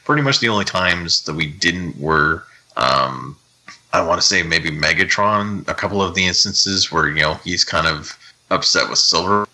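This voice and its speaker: A Canadian man hosting a podcast, chatting casually and reading out news in a relaxed, rambling way with many fillers. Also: low-pitched, moderate pace, low-quality recording. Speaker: podcast host.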